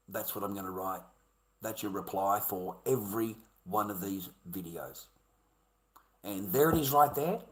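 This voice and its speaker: A man's voice: lowish voice, unhurried. A middle-aged Australian man, a live streamer, angrily ranting in a combative, profane, repetitive way. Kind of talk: angry ranting monologue. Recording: echoey room.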